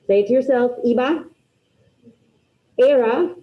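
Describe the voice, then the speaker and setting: A woman's voice: mid-range voice, normal speed. A woman teacher runs a class with upbeat energy, drilling repetition and firing questions at her students. Her voice sits in a middle register. The recording is dull and lo-fi, like a classroom capture. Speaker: Spanish teacher. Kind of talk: classroom grammar lesson.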